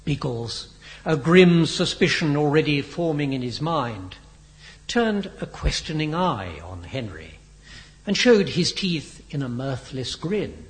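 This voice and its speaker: Male audiobook narrator, expressive, unhurried, higher voice, long reverb. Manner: slow, expressive storytelling.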